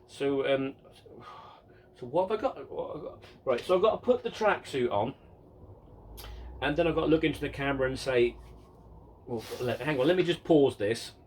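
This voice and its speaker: A man's voice: medium pitch, expressive, normal speed, pauses often, darkish tone, a little hiss or hum. A man hosting a casual question-and-answer vlog about his model railway, rambling and chatty, often repeating words and mocking himself. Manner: self-mocking and exasperated.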